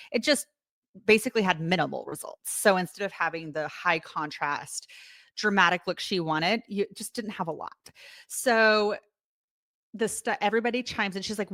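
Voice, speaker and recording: Woman salon owner, storytelling chat, lowish voice, dry close sound, lively quoted voices. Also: no room sound. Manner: animated retelling with quoted voices.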